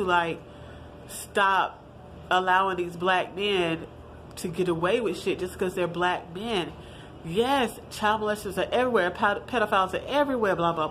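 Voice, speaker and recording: A woman's voice: mid-range voice, moderate pace, slight background noise. A woman, giving her blunt, profane opinions in a casual vlog and talking straight to her viewers. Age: 30s. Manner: blunt, profane and animated, addressing viewers as y'all. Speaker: vlogger.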